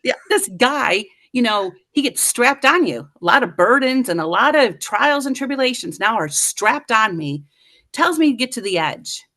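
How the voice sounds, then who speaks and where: A woman guest in middle age telling a story with lively, self-mocking humor, acting out the voices of the people in it. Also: on the high side, normal speed. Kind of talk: animated storytelling.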